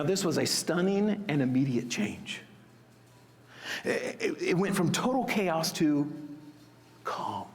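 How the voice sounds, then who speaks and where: A man preaching a sermon as pastor, expressive and acting out the disciples' panicked cries. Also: on the high side, big-room sound.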